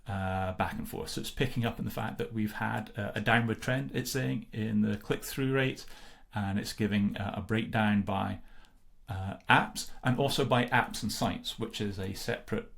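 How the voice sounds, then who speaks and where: A man casually narrating a screen-recorded software tutorial, relaxed and explanatory, with many filler pauses. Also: on the low side, gravelly. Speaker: software demo presenter.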